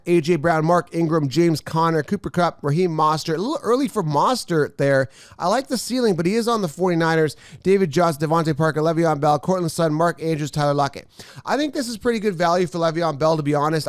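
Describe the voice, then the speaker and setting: A man in his thirties with a high-pitched voice hosts a fantasy football podcast, giving excited solo commentary on a mock draft in a giddy, rambling, hyped-up way. The studio-quality recording has no echo.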